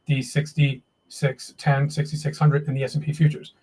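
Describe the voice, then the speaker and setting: A man hosting a live day-trading stream, muttering and cursing as he works the charts. His voice sits a little high and has a husky edge. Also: completely flat delivery, moderate pace, mellow, low-quality recording. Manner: frustrated, swearing, talking to himself while trading.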